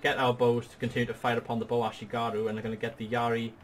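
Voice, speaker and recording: A man's voice: mid-range voice, flat delivery, racing, slight background noise. A man hosting a gaming video, patiently walking a partner through a strategy battle with upbeat, explanatory commentary. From Wales. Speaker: gaming channel host. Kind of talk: strategy game tutorial commentary.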